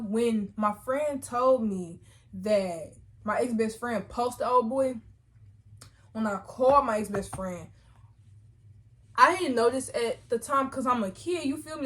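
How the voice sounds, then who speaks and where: A young woman vlogger telling a storytime with lively, slangy chatter and quick self-corrections. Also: fairly high pitch. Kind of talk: casual storytime chat.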